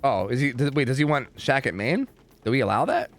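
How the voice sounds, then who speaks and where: A man's voice: mid-range voice, brisk, soft background music. A young man streaming a game from home, chatting casually with his viewers, swearing a lot and ranting with plenty of energy. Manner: profane, animated and ranting, talks to chat. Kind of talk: casual livestream chat.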